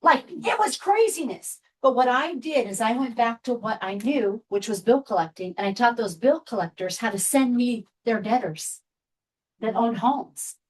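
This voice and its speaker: Woman, 50s, from Seattle, guest speaker, candid storyteller, slightly higher voice. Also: animated, moderate pace, rough recording. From Seattle, USA. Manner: candid, chatty storyteller with frequent asides. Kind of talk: personal storytelling talk to a group.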